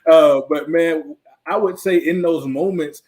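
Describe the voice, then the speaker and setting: A young man, a former college lineman, talking as a guest in a casual interview, telling stories in a relaxed, reflective way with plenty of fillers. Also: fairly high pitch, a little slow.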